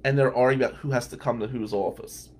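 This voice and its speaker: A man's voice: mid-range voice, steady tone, fast talker, darkish tone. A man from Atlantic City who is a criminal defense lawyer and podcast host, telling stories in a casual, rambling way and chuckling between remarks. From Atlantic City, New Jersey. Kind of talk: casual anecdotal storytelling.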